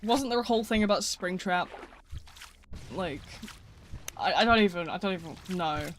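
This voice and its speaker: A young-sounding man with a notably high voice streams a game live, chattering casually and cursing freely as things go wrong. The recording has clear background noise with mouse and keyboard clicks under his voice. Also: normal speed. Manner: casual, excitable, swears and laughs often while reading chat. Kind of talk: live gameplay commentary. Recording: noisy with mouse and key clicks.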